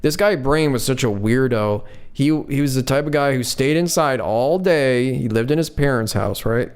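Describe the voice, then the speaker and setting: A man's voice: medium pitch, normal speed, clear, resonant tone. Man telling a rambling, profane story. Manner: rambling, profane, lots of "like" fillers. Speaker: podcast host. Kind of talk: casual storytelling chat.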